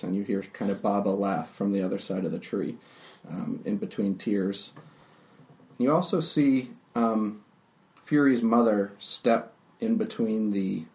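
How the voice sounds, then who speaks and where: A man narrating a tabletop role-playing game as game master, halting often with fillers. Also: lowish voice, darkish tone. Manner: unhurried, halting with many fillers.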